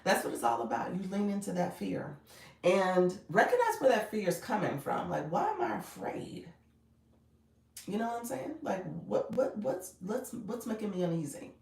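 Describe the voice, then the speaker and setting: A woman's voice: mid-range voice, sing-song, normal speed, gravelly, darkish tone, reverberant, distant mic, poor audio. Female live coach, casual and friendly with viewers, sits back from the mic. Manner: chatty, greets viewers by name, laughs often. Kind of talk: casual livestream chat.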